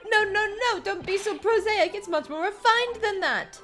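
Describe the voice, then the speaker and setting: Lady putting on a high, swooping, over-the-top young poet guy, all dramatic alliterative rants, music under it. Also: moderate pace, fairly bright tone. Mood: huffy. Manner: melodramatic, alliterative outbursts. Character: excitable theatrical young Japanese male poet.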